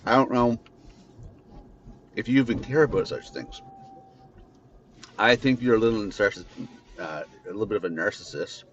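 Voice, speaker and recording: A man's voice: lowish voice, moderate pace, long pauses. A man hosting a podcast, venting bitterly and swearing in an unscripted monologue while driving. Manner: bitter, venting ranting with profanity. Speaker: podcast host. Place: in a car. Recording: dull lo-fi sound with faint noise.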